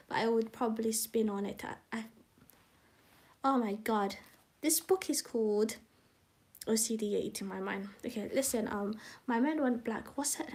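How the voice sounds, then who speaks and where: Chatty young woman streamer, high voice. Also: a little mellow. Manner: rambling, self-conscious, halting with restarts and asides to viewers. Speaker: livestreamer reading her own book. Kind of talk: live casual reading and chat.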